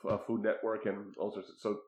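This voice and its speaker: A man's voice: on the low side, flat delivery, fast, darkish tone. A man hosting a casual podcast chat, laughing often and steering the conversation. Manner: laughs often, leads the food review. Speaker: podcast host. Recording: roomy, slightly dull sound.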